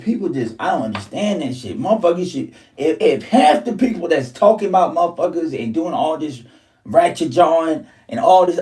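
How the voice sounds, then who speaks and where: Set back from the microphone, a vlogger rants in a heated, profane, repetitive way in a casual monologue. His voice is a little high with a darkish tone.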